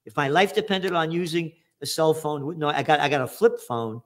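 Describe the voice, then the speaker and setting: Brisk and fairly high-pitched, a trends forecaster and show host recites headlines and then rips into them. His commentary is a string of profane, sarcastic, yelling rants.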